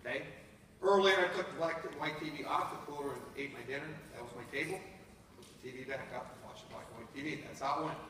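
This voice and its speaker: A man in his fifties from North Dakota, telling a personal story live to an audience in an animated way, speaking to them directly. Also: fairly high pitch, fast, a little hiss or hum. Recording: echoey hall from far off.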